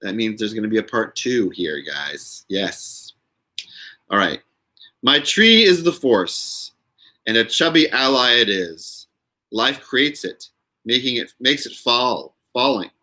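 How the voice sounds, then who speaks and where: A man's voice: mid-range voice, animated, slow pace, pushed and bright. A man hosting a casual live stream, chatting with viewers in a giggly way and reading their names aloud.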